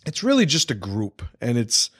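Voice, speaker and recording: A man's voice: medium pitch, huge pitch swings, normal speed, fairly bright tone, husky, no echo, clean studio sound. A man hosting a casual livestream podcast, rambling, swearing freely and restarting his sentences. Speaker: podcast host.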